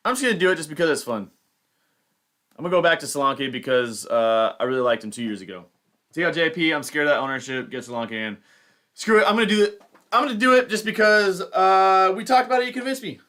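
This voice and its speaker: A man's voice: mid-range voice, fairly bright tone. A young man hosting a fantasy football livestream, rambling and thinking aloud in casual commentary. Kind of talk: casual live-stream commentary.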